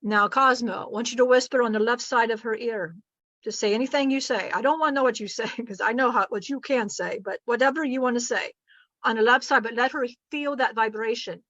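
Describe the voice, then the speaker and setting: Chatty woman, bright muffled voice. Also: a little high, a little fast, dry recording. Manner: rambling, chatty, laughs often. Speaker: spiritual channeler and teacher. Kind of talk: casual spiritual teaching. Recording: muffled lo-fi recording.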